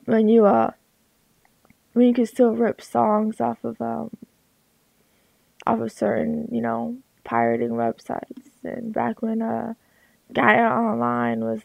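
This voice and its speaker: Young woman, art vlogger, gravelly crackly voice, slightly high, dry headset sound, rambling casual delivery. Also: slow pace, pauses often, darkish tone, dry recording. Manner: rambling, many fillers and restarts. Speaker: artist vlogger. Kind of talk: rambling casual talk over a drawing.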